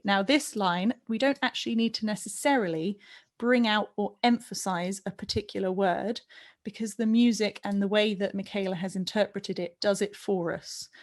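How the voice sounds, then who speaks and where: A woman coaching a barbershop chorus over a video call, talking through expression line by line and singing short example phrases. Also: medium pitch. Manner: warm, encouraging, sings and speaks example lines. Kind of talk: online singing workshop.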